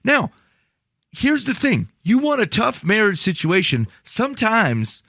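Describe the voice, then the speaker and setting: Gravelly man, animated faith podcast co-host. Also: high voice, measured pace, dry recording. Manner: animated, storytelling with acted-out quotes and exasperated asides. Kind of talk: casual podcast chat on faith.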